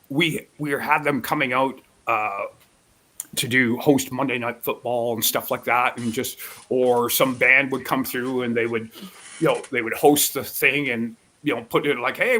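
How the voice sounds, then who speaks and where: A man telling a rowdy story in casual live chat, swearing freely and acting out loud quotes. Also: medium pitch, a little hiss or hum. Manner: profane, animated storytelling with loud acted-out quotes. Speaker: guest storyteller.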